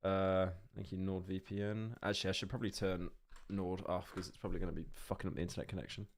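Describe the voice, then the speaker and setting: A man's voice: deep voice, flat delivery, fast, a little hiss or hum. A man streaming live from his home setup, joking and rambling, often stammering and repeating words into a desk microphone. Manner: joking, sarcastic. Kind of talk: casual livestream chat. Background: faint game music.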